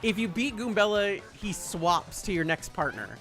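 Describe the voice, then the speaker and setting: A man's voice: sits high, big pitch swings, normal speed, a bit bright, soft background music. Profane, jokey male game streamer. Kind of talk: gameplay commentary.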